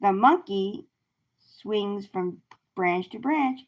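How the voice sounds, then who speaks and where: Slow-reading woman, storybook style. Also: medium pitch, lively intonation. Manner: slow, clear read-aloud with animal sounds. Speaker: host reading picture books to children. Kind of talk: reading a children's book aloud on a livestream.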